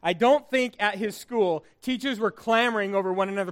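Male pastor, middle-aged, higher-pitched, relaxed storytelling sermon delivery. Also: fairly quick. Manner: conversational storytelling with frequent fillers and restarts.

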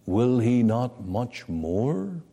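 A male preacher delivering a sermon in a large, reverberant hall. His voice sits a little high and swings widely in pitch, climbing to loud emphatic peaks and then sinking low. He speaks very slowly and deliberately. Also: sing-song, creaky.

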